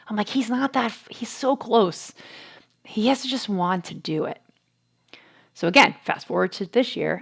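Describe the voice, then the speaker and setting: Chatty woman with a gravelly edge. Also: medium pitch. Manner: rambling, warm storytelling with laughs and restarts. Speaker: podcast host. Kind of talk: casual solo chat.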